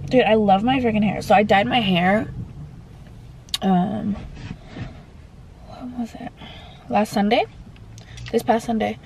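A woman's voice: medium pitch, slow, gravelly, pauses often, a little mellow, slight background noise, low-quality recording. A young woman vlogging in casual chat, rambling with lots of "like," and out of breath as she talks into a handheld phone camera. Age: young adult.

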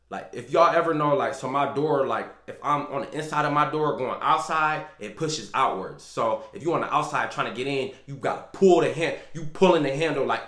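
A young man casually telling a story time in loose slang, full of fillers, getting loud and animated as he relives it. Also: mid-range voice. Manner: gets loud and animated when reliving the scene. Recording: echoey room.

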